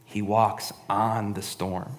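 A man's voice: lowish voice, little pitch movement, takes it slowly. Man preaching casually in a reverberant hall. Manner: conversational, frequent "right?" and "honestly". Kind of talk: sermon.

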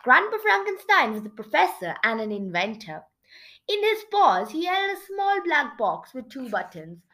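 A woman reading a children's book chapter aloud as storyteller, with expressive narration. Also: high-pitched, moderate pace.

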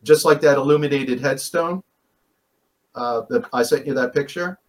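A man of middling pitch talks as a guest on a paranormal talk show, wandering through his story in loose, restarting sentences. He leans on fillers and drops the odd curse without a second thought. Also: moderate pace, rough recording. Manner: rambling, many fillers and restarts, blunt swearing. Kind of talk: casual storytelling on a call-in show.

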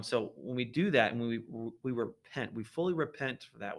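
A man talking earnestly about faith in a relaxed podcast conversation, often repeating words as he thinks. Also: mid-range voice, brisk, few pauses. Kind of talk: casual religious discussion.

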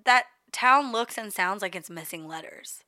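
Giggly, bright-voiced woman chatting. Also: mid-range voice, animated, a little slow. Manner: giggly, chatty, says "like" often. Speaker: podcast co-host. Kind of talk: casual chat.

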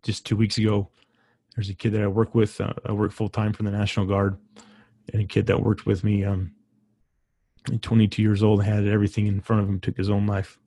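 A low-voiced man hosting a podcast speaks from the heart, haltingly and with feeling. His voice stays fairly flat, and the sound is dry and close. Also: dry recording. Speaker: podcast host. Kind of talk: casual conversation.

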